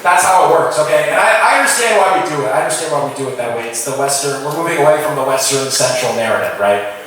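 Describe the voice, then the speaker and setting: Young male stand-up comic with a bright, forceful voice and plenty of crowd asides, recorded in an echoey room from a distance. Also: a little high, a little hiss or hum. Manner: animated, riffing with the crowd, quick asides. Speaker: stand-up comedian. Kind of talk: stand-up comedy set. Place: comedy venue with a live audience.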